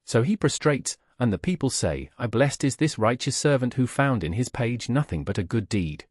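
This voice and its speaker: A man narrating an audiobook in a solemn, measured reading voice, voicing the quoted speakers as he goes. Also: mid-range voice, sing-song, dry recording, clean studio sound.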